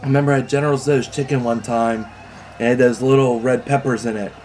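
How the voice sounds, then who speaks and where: A man's voice: mid-range voice, fairly even intonation, fast, darkish tone. Laid-back man chatting about spicy food. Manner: plain-spoken, laid-back, casual swearing. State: mouth burning from spicy food. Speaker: vlogger tasting food on camera. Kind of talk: casual food challenge chat.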